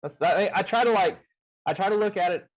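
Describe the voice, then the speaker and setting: A man in casual chat about running tabletop games, talking in an animated, rambling way with plenty of swearing, on a video call. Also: high voice, a little fast, breathy edge, poor audio. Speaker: game master. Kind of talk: casual chat between game masters.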